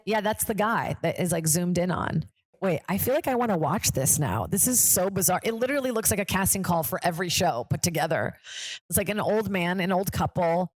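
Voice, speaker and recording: A woman's voice: fairly low pitch, animated, a little fast, breathy edge, no echo. Rambling chatty woman hosting a podcast. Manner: rambling and chatty, drops into quoted voices. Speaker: podcast host and comedian. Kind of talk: casual chat.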